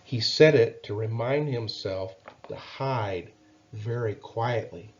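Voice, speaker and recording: A man reads a children's Bible story in a gentle, expressive way, pausing to ask the listener questions. His pace is slow and unhurried. The recording is dull and lo-fi. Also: medium pitch.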